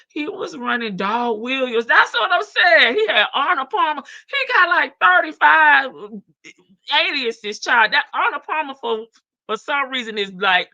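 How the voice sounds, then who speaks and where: A woman's voice: sits high, bright, forceful tone. A woman hosting a casual live stream, chatting and laughing with her viewers in as she reads updates. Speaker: livestream host. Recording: dull lo-fi stream audio.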